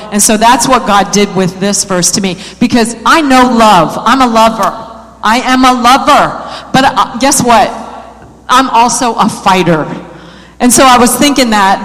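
A woman preaches a sermon in a church, her voice carrying a long hall reverb. She moves from easygoing, conversational talk to loud, repeated exhortations. She often puts questions to the congregation. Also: medium pitch. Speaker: church speaker.

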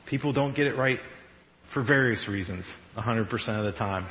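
A male pastor giving a conversational, animated sermon in a church and laughing now and then at his own jokes. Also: on the low side, a little fast. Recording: echoey hall, dull radio-like sound.

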